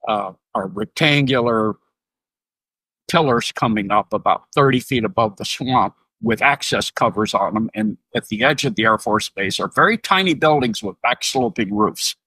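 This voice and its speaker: Animated middle-aged man telling stories. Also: lowish voice, normal speed, husky, dry recording. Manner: animated, acts out dialogue in raised voices, chuckles often. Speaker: podcast guest, retired Navy submariner. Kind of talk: casual storytelling interview.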